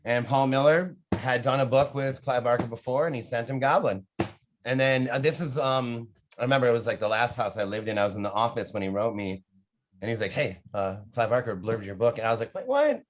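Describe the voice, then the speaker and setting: A man's voice: mid-range voice, fairly even intonation, quick pace, slight background noise. A man from the United States chats casually as a podcast guest. His talk is loose and rambling, full of fillers, swearing and sudden bursts of energy. He sits in the middle of the male range. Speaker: horror author guest.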